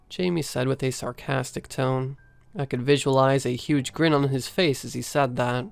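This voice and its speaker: A man reading a first-person horror story aloud in a steady storytelling manner. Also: medium pitch, moderate pace, gravelly, smooth, no room sound, soft background music. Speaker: story narrator.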